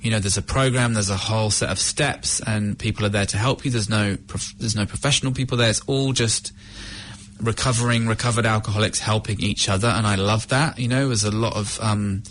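A middle-aged man from the UK telling his own recovery story in a candid, halting, reflective way. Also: on the low side, steady tone, a bit bright, a little hiss or hum. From United Kingdom. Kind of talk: personal testimony.

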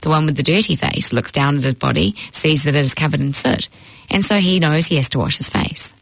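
A woman's voice: deep voice, brisk, creaky, fairly bright tone, husky, dry recording, heavily acted, rough recording. A woman voicing a teasing old-world rabbi. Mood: instructive. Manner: didactic, posing riddles. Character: patient, teasing male rabbi teacher.

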